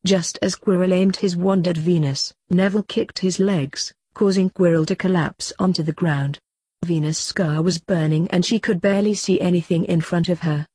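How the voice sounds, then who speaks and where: A woman reading fanfiction aloud in a steady, even narration. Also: on the low side, normal speed, husky, dry recording. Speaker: fanfiction reader.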